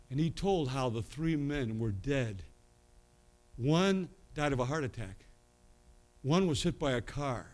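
A man preaching a sermon, telling a personal story and swinging from quiet asides to loud, emphatic bursts. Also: medium pitch, animated, unhurried, pauses often.

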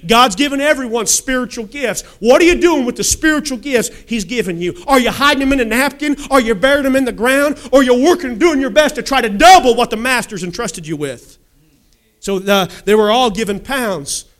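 A man's voice: very high voice, expressive, fairly quick, a bit bright. A man preaching an emphatic sermon, reading scripture and pressing the congregation with questions and calls for amen.

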